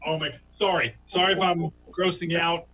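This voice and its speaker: A man doing a stand-up comedy story who laughs at his own tale and jumps into high, squeaky voices for the people he quotes. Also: steady tone, fairly quick, sharp tone, slight background noise, rough recording. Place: home, virtual show.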